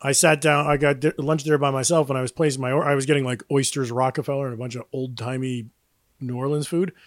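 A man's voice: medium pitch, steady tone, quick pace, no echo, clean studio sound. A man in his thirties co-hosting a podcast, telling stories and acting out quotes in casual chat. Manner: storytelling with acted-out quotes. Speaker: podcast co-host.

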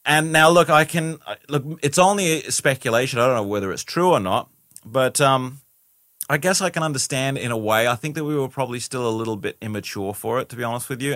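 A man's voice: mid-range voice, fairly bright tone, dry recording. Rambling man, dry sound. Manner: rambling, frequent restarts and "you know". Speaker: guest. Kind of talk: casual interview chat.

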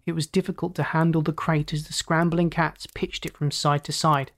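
A narrator reading a story aloud in a steady, dramatic way. The pace stays even, with pitch in the middle range for a reader. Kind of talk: audiobook narration.

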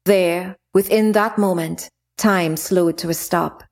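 A woman reading a fantasy novel chapter aloud in a steady, expressive way. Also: lowish voice, slow. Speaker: narrator. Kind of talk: audiobook narration of a fantasy novel.

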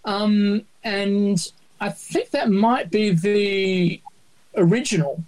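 A woman's voice: medium pitch, slow, darkish tone, poor audio. A woman co-hosting a casual podcast, wry and a little rambling as she explains things. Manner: wry, dry, rambling with restarts. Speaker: podcast co-host. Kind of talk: casual chat.

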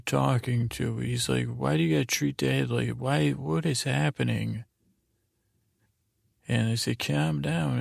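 A man hosting a sleep podcast, recapping a show in a meandering, halting way with lots of fillers and restarts. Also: mid-range voice, creaky, dry recording, studio quality. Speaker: podcast host.

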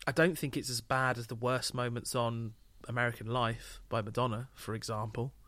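A man co-hosting a casual music review podcast, measured and hedging, with frequent restarts. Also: mid-range voice, steady tone, a bit bright, no room sound. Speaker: podcast co-host.

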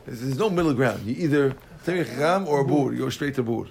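A man teaching a Talmud class, explaining Aramaic and Hebrew phrases in plain terms with lively energy. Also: medium pitch, quick pace, creaky, slight background noise.

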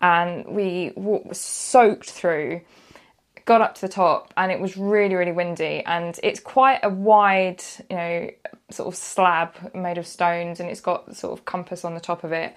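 A woman, a freelance motoring journalist, telling a personal story in a casual podcast chat, animated and quick to act out what people said. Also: fairly low pitch. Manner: animated storyteller, acts out quotes, laughs often.

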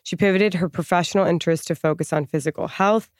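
A woman's voice: fairly low pitch, fast talker, dry recording, clean studio sound. A woman hosting a podcast, chatting casually with her guest and reading her introduction. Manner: warm, laughs easily, reads the guest intro. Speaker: podcast host. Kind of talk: casual interview chat.

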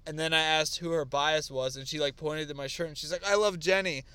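A man's voice: on the high side, brisk, a loud crowd. A man co-hosting a podcast, telling stories in casual chat with lots of fillers and restarts. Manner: animated storytelling with lots of fillers. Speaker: podcast co-host.

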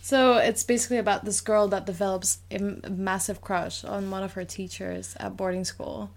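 A woman co-hosting a podcast in casual chat, relaxed and dry, often giving short replies. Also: medium pitch, moderate pace, gravelly. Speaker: podcast co-host.

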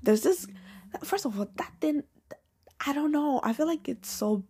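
A woman hosting her own podcast in a casual solo chat, animated and slangy, swinging between loud outbursts and hushed asides. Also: high voice, normal speed. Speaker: podcast host.

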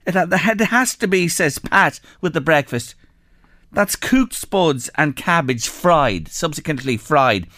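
An Irish man hosting a radio phone-in show, chatting in an animated, curious way as he reads out listener texts. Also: on the high side, a little slow, dry recording, clean studio sound. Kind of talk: lively radio chat, reading listener texts. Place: radio studio.

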